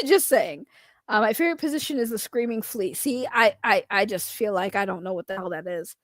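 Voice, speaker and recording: A woman streaming casual commentary, rambling and stammering as she repeats her words, with a high, distinctive voice. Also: expressive, brisk, no echo, clean studio sound. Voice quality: high, distinctive voice others find grating. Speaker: streamer reacting to chat.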